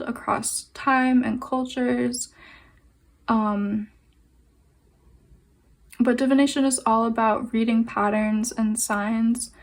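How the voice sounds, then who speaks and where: Soft-spoken woman giving a card reading. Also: on the high side. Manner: gentle, meandering, with fillers and slow pauses. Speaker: tarot and oracle card reader.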